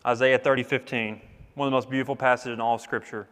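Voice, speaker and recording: A man's voice: medium pitch, level tone, quick pace, a bit bright, clean tone, long reverb tail. A man preaching a sermon in an earnest, emphatic way, repeating key phrases for weight. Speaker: pastor.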